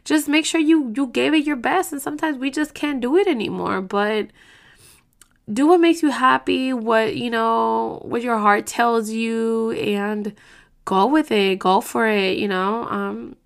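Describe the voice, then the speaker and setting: A woman with a gravelly, fry-heavy voice pitched a little high talks straight to her listeners on a podcast. She is heated and blunt and swears freely. She rambles and restarts as the feeling takes hold. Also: steady tone, a little slow. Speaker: podcast host. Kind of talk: casual podcast monologue.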